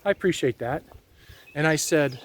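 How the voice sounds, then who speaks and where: A man's voice: on the high side, moderate pace. A man from Ohio talking casually to his viewers in a rambling, folksy monologue with preachy asides. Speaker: vlogger.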